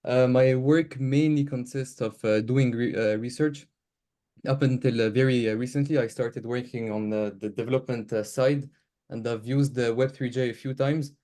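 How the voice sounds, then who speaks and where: Halting man with constant fillers. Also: mid-range voice, fairly even intonation, dark tone. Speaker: research developer. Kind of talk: casual self-introduction on a video call. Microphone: video call.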